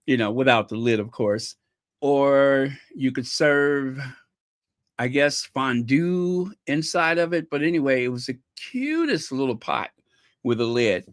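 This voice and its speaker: An American man hosting his own channel talks to viewers in an expressive mid-range voice, a little slow, with clean studio sound and no echo. He rambles playfully and casually, using plenty of fillers.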